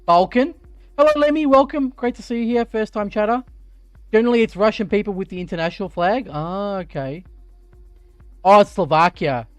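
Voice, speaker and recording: An Australian man chatting on a live stream while sim racing, thinking out loud and getting excited. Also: high voice, normal speed, no room sound, faint music behind. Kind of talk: live-stream gaming chat. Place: home sim racing rig.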